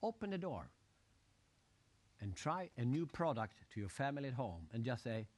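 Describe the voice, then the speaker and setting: A man giving a live motivational seminar talk, animated, acting out crowd shouts and putting questions to his audience. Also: mid-range voice, moderate pace. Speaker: motivational speaker.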